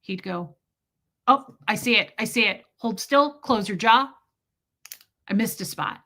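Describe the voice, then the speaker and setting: A woman's voice: mid-range voice, measured pace, pushed and bright. A woman live-streaming, telling a frank, profane, joking story in casual chat.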